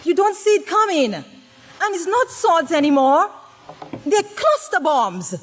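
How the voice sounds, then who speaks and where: A woman giving a dramatic, humorous sermon-style talk to a congregation, swinging between loud exclamations and hushed tones and often asking the audience questions. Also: very high-pitched, big pitch swings, slow pace. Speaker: speaker at a women's presentation to a congregation. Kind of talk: preaching with humorous storytelling. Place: congregation gathering.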